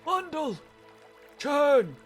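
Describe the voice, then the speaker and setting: A man voicing a bossy, cranky old male goblin gatekeeper who whisper-yells orders in a tabletop game. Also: very high voice, sing-song, very slow, soft background music, pitched above the performer's own voice, heavily acted. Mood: shooing. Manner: loud whisper-yelling, shooing people along.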